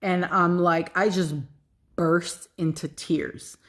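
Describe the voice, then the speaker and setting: Animated woman telling a story, lowish voice. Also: takes it slowly. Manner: animated, swears freely, many fillers. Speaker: spiritual vlogger. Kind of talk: casual personal storytelling.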